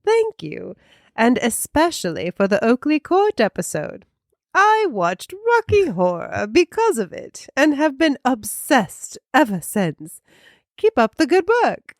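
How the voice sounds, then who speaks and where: A woman's voice: a little high, very animated, a little slow, no echo, clean studio sound, pitched above the performer's own voice. A woman voicing a gushing posh British lady with a plummy put-on accent while reading aloud from a listener's review.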